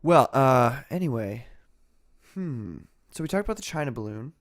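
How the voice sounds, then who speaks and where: A man hosting a casual livestream. He talks in a rambling, sarcastic way with frequent laughs, at a mid pitch for a man. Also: animated, moderate pace. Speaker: livestream host.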